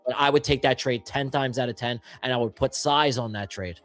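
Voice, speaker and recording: A man co-hosting a live trading stream, talking in an animated, slangy, hyped way. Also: mid-range voice, a little fast. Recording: faint music in the background.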